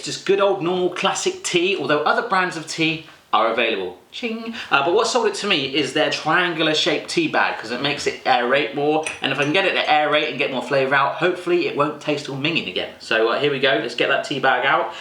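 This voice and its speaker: A British man talks to his viewers in a bright, forceful voice that sits a bit high. His reactions are animated and jokey, and he exaggerates them. He is recorded in an echoey indoor room. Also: brisk. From United Kingdom. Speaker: food vlogger. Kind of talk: casual chat to camera.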